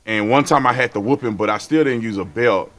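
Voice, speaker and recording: A man talking as a guest in a casual chat, telling family stories with laughter and shouted imitations. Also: medium pitch, fairly quick. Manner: laughing storyteller, shouts out relatives' calls.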